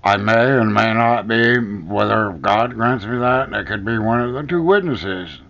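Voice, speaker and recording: Speaking at a measured pace, a man with a fairly low, somewhat bright voice delivers an angry personal rant to the camera. The vlogger swears heavily and drives his accusations home over and over, all on a dull lo-fi recording.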